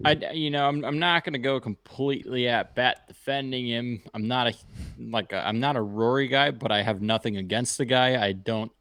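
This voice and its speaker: A man co-hosting a sports betting show, talking casually and explaining bets in a measured, reasonable way. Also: mid-range voice, a bit bright, no room sound, studio quality.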